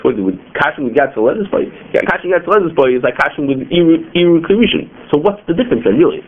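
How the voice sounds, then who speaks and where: Fast-talking man teaching a class. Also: fairly high pitch, lively intonation. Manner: rapid, explanatory, many "okay" and "you know" asides. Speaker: teacher leading a kosher-law class. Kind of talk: classroom lecture. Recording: tinny phone-like lo-fi recording.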